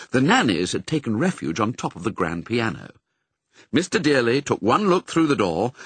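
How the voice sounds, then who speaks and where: A man narrating a children's storybook in an expressive, storytelling way. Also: medium pitch, husky, dry recording. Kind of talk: audiobook reading.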